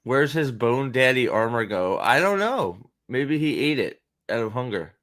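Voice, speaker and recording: A man's voice: medium pitch, very animated, measured pace, fairly bright tone. A man hosting a casual reaction commentary, rambling, profane and sarcastic, with frequent restarts. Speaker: host.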